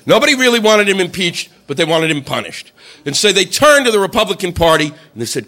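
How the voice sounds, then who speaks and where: High-voiced guy ranting stand-up, super animated, bright edgy tone, swears a lot. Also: a little fast. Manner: ranting, profane, shouting mock quotes. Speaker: stand-up comedian. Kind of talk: stand-up comedy routine.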